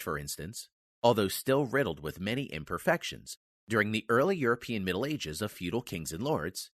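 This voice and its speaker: A man reads a nonfiction history text in a formal, measured way and leans hard on key words. His voice sits at an ordinary middle pitch but swings up and down a lot. The sound is close and dry, with no room around it. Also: fairly bright tone, dry recording. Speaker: reader of a history book.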